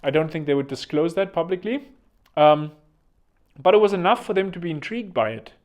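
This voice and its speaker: A man's voice: a little high, expressive, a little fast, darkish tone. A man hosting a podcast, talking in a rambling, chatty way with joking asides. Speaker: podcast host. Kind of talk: casual podcast monologue.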